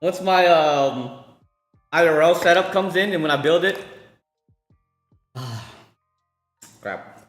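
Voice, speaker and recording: Male streamer, slightly high voice, casual rambling chat while cooking; roomy echo, faint music behind. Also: lively intonation, slow, long pauses, a bit bright. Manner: rambling, repeats words, talks to chat between cooking.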